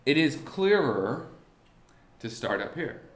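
A man teaching a class on musical timing, talking haltingly with many restarts and asking the students rhetorical questions. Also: mid-range voice, big pitch swings, roomy sound. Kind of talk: classroom lesson on beat patterns. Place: warm indoor classroom.

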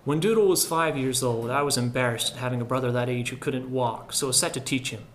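Man reading a story, measured and reflective. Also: medium pitch, a little hiss or hum. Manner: measured and reflective, dropping softer at solemn lines. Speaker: audiobook narrator.

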